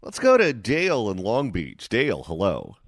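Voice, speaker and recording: A male talk radio host riffs sarcastically on air, his pitch rising and falling freely. The studio sound is close and dry. He talks in quick banter. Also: no room sound. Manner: animated, sarcastic.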